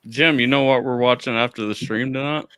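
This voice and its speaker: A man hosts a casual live stream, his voice bright and forward. The sound is dry and close, with no room around it. He tells stories with lots of animation and plenty of swearing. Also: medium pitch, steady tone, fairly quick, clear, resonant tone, dry recording. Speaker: streamer host.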